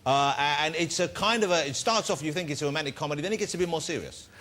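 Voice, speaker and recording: A man hosting a chat show, brash and jokey, firing quick questions at his guest. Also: fairly high pitch, a bit bright. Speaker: talk show host.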